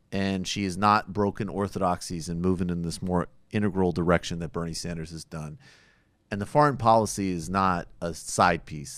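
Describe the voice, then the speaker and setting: A man with a low-sitting voice hosts a podcast, delivering blunt, opinionated political commentary that sometimes turns profane. There's no echo.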